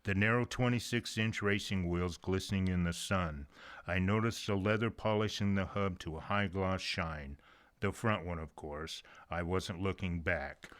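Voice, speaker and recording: A man's voice: sits low, a bit bright, clean tone. An older man narrating his own first-person short story in a folksy, conversational way with casual asides.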